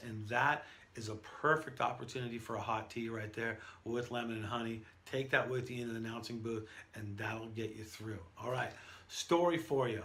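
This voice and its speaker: A man who works as a professional event announcer, giving an energetic, conversational lesson with stories from his career. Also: medium pitch. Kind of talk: instructional talk to camera.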